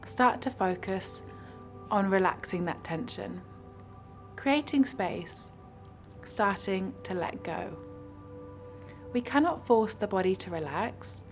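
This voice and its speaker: A woman guiding a mindfulness practice with slow, soothing instructions. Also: mid-range voice, lively intonation, soft background music. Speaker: mindfulness guide. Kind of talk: guided meditation.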